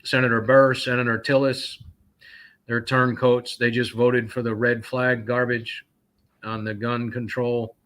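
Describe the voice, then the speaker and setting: A man's voice: medium pitch, little pitch movement, a little slow, a bit bright. A man from North Carolina, a trucker and guest, talking indignantly and rambling with many fillers. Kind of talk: casual call-in talk, telling stories.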